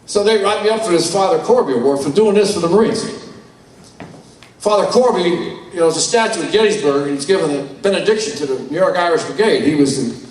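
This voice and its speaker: An older man with a high, slightly mellow voice talks fast and with animation from a conference stage. Recorded from far off in the spacious hall, he tells personal stories in a blunt, salty, folksy way.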